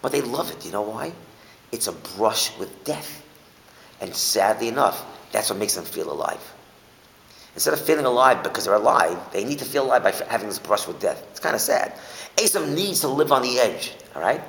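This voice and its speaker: A man giving a Torah class, animated, asking rhetorical questions and restating his points to the room. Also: on the low side, a little fast, vocal fry. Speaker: Torah teacher. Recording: echoey hall with faint hiss.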